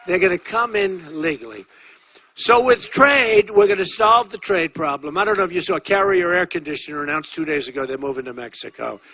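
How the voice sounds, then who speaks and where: A man's voice: high voice, expressive, brisk, bright, forceful tone. A man in his sixties giving a campaign rally speech, talking in a repetitive, boastful, conversational way with asides to the crowd. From United States. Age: 60s. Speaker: political candidate speaking at a rally.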